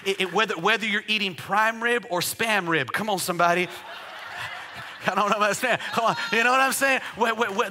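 A man preaching a sermon as a pastor, chatting and joking with the congregation before building up to loud, rhythmic declarations. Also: sits high. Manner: conversational preaching with jokes, rising to shouted declarations.

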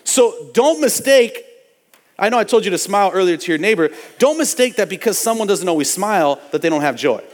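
High-voiced man preaching in a reverberant church. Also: lively intonation, fairly quick. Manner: emphatic preaching with repetition and audience call-outs. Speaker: pastor. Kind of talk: sermon. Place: church sanctuary.

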